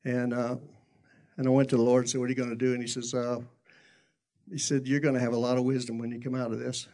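Middle-aged male pastor, gravelly voice, folksy self-deprecating sermon storyteller, mid pitch. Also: level tone, fast talker, warm tone.

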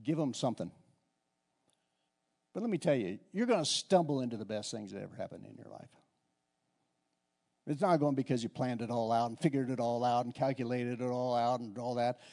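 A man's voice: mid-range voice, brisk, vocal fry, pauses often, a little mellow. A middle-aged man preaching a conversational sermon in a church, often repeating and restarting his words. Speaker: pastor.

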